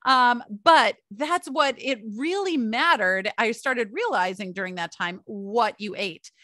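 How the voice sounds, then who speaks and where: A woman's voice: fairly high pitch, animated, a little slow, a bit bright, dry recording, clean studio sound. A middle-aged woman hosting a solo podcast, telling personal stories in a chatty way and calling her listeners "you guys". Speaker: podcast host.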